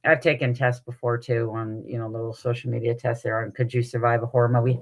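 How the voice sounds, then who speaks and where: A middle-aged woman hosting a live stream, telling stories to her chat in an animated, salty way and laughing often. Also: very deep voice, fast, hardly any pauses. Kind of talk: casual chat with viewers.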